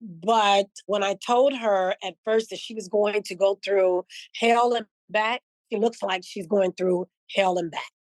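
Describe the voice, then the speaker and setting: A woman's voice: medium pitch, fairly even intonation, a little slow, no room sound. A woman guest who owns a spice shop, telling heartfelt stories in a casual conversation and acting out the dialogue. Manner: earnest, heartfelt, acts out quoted dialogue.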